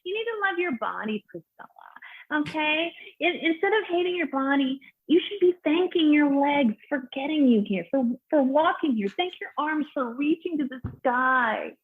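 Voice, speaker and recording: A woman putting on a young valley-girl hipster who lectures in a high, sing-song, nasal voice, pitched well above her own. The sound is tinny and phone-like, as if over a thin line. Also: expressive, moderate pace. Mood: preachy.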